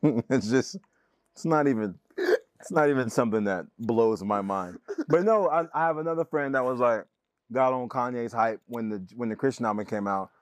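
A man co-hosting a podcast in casual chat, animated, his voice jumping up when he argues, laughing often. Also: mid-range voice, moderate pace, no room sound, clean studio sound. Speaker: podcast co-host.

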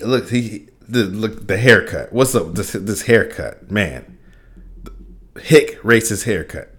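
Animated, low-voiced man ranting on a podcast. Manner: animated, profane ranting with frequent restarts and laughs. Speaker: podcast host.

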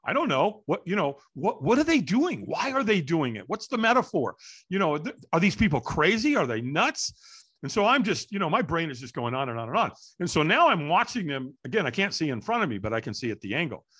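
Lively husky middle-aged man telling a story. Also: on the high side, brisk. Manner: lively, acts out quoted voices and shouts. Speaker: interview guest, firewalk instructor. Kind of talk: animated storytelling in an interview.

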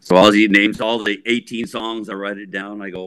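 A middle-aged man, a guest musician, telling a long story in a casual interview, rambling and animated with frequent restarts. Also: on the low side, moderate pace, few pauses, smooth, dry recording.

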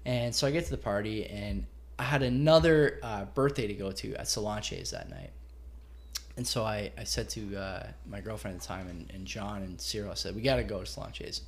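Gravelly man telling a story. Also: fairly low pitch, moderate pace. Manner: profane, animated retelling with acted quotes. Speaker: storyteller guest. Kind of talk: casual podcast storytelling.

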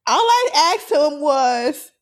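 A woman casually telling a story on a podcast, animated and laughing often, swearing freely. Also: high voice, takes it slowly.

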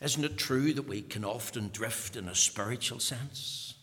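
A man's voice: medium pitch, unhurried. Emphatic preacher man in a reverberant hall. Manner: emphatic, repeating phrases, rising to loud peaks. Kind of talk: sermon.

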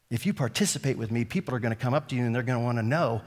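A man preaching a sermon as a pastor, telling a story and acting out the lines of the people in it, getting louder and quieter as he goes. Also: mid-range voice, racing, hardly any pauses, long reverb tail. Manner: animated, acts out quotes with shifting volume.

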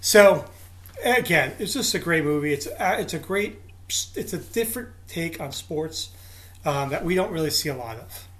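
A man's voice: on the high side, lively intonation, normal speed, fairly bright tone. A man with a somewhat raised voice chats casually about films. He sounds openly enthusiastic and unashamedly sentimental about the scenes he loves. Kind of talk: casual chat about movies.

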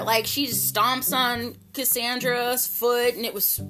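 A woman casually recapping a soap opera episode in an animated, gossipy way, using slang and an occasional swear word. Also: slow, few pauses. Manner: jumps to high, loud pitch for excited retellings. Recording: music playing clearly behind the voice.

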